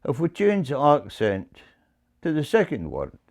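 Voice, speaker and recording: Guy teaching pipes, talks slow and measured, voice goes up and down a lot. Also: medium pitch, wildly swooping pitch, a little mellow. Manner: measured, repeats words as he explains. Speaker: bagpipe teacher. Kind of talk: explaining to camera.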